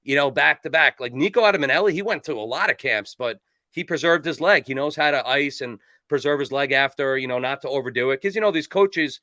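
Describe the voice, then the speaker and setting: Fast-talking animated man from New Jersey. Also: medium pitch, no echo. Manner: rambling, animated, lots of fillers. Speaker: kicking coach and guest. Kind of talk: casual storytelling in an interview.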